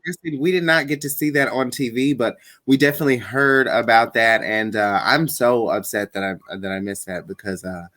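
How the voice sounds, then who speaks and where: A man hosting a casual interview, easygoing and quick to agree with his guest. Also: medium pitch, bright, forceful tone. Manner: easygoing, lots of agreeing backchannels. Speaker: podcast host, interviewer.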